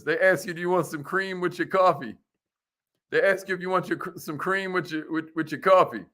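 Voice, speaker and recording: A man hosting a live motivational show, preaching with high energy in slangy casual talk and calling out viewers by name. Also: sharp tone.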